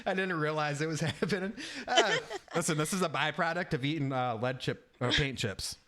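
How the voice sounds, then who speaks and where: A man's voice: fairly high pitch, fairly quick, sharp tone, a little hiss or hum. A man co-hosting a casual podcast, teasing and joking, laughing often. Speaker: podcast co-host.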